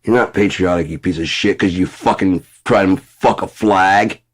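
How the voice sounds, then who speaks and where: A man in his fifties in a casual, profane vlog rant, rambling and swearing, muttering low and then flaring up. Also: moderate pace, breathy edge. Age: 50s. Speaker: vlogger.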